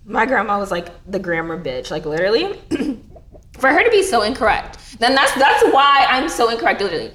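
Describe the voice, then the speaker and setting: A woman's voice: fairly high pitch, fairly quick. Chatty young woman, echoey room. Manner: animated, swearing, lots of fillers. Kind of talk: casual chat.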